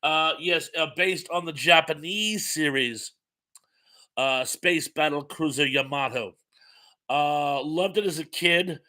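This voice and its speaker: Chatty bright-voiced man hosting live chat. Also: a little high, slow pace. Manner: chatty, reads viewer comments aloud with many fillers. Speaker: host.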